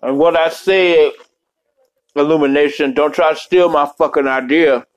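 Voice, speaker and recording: A man's voice: fairly high pitch, steady tone, moderate pace, highs cut off. A man hosting a podcast, giving loose, profane, rambling commentary while reacting to a movie.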